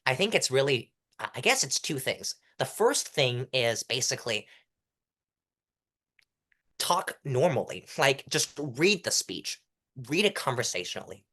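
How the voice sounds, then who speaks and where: A young man, a guest in a casual interview, talking animatedly and acting out delivery styles as he coaches. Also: mid-range voice. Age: young adult. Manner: animated, demonstrates delivery styles mid-sentence. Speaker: guest, mock trial competitor.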